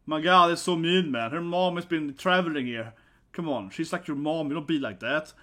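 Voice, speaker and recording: A man's voice: on the high side, normal speed, bright, forceful tone. A man giving live reaction commentary, laughing often and exclaiming, tagging his lines with "right?" and "man". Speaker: reaction video host.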